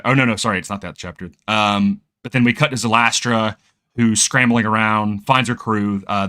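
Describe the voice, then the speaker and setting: A man hosting a casual book-club chat, recapping chapters in an animated, rambling way with lots of fillers. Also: lowish voice.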